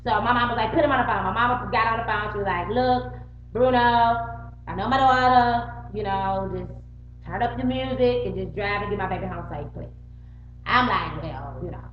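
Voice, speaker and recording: A woman's voice: mid-range voice, fairly quick. A middle-aged woman tells a story straight to the camera, swearing freely and acting out both sides of the argument. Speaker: vlogger. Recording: roomy, muffled home recording with faint hum.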